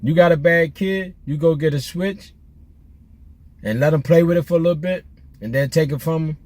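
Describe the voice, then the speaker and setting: A fairly high-pitched man with a darkish tone tells loose, humorous stories at normal speed while he drives. Middle-aged and laid-back, he rambles with plenty of slang and restarts.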